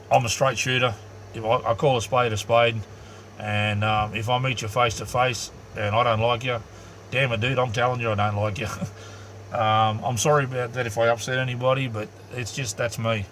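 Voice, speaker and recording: Casting: Australian bloke, mid-pitch, straight-talking live-streamer, faint hum behind. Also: male voice, fairly bright tone. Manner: blunt, rambling, lots of ums. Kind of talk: casual live-stream chat.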